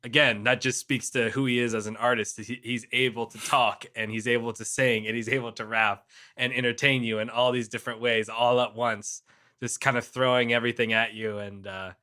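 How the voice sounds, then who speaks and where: A man's voice: mid-range voice, level tone, a little fast, pushed and bright. A young man co-hosting a casual music podcast, laid-back and agreeable, talking loosely with lots of fillers. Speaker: podcast co-host.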